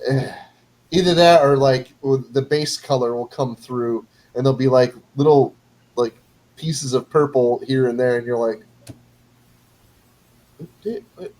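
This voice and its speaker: A man's voice: medium pitch, fairly even intonation, normal speed, darkish tone, poor audio. A man chatting casually, telling a rambling story with frequent laughs and restarts.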